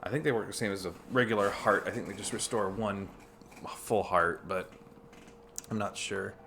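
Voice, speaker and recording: Male game streamer, low gravelly voice, loose rambling commentary. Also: normal speed, fairly bright tone, a little hiss or hum. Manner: chatty, thinks aloud with fillers and restarts. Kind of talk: casual let's-play commentary.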